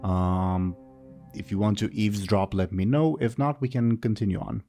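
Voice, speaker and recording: A man running a tabletop role-playing game as game master. His voice is low and warm-toned, and his manner stays casual and playful, with a relaxed, conversational flow. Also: normal speed, soft background music.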